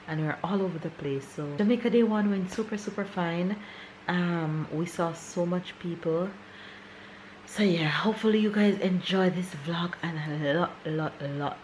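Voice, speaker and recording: A woman's voice: low voice, darkish tone, slight background noise, rough recording. A woman vlogging casually to camera, chatty, repeating words for emphasis, sounding tired. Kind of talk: casual vlog talk to camera. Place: at lunch in a restaurant.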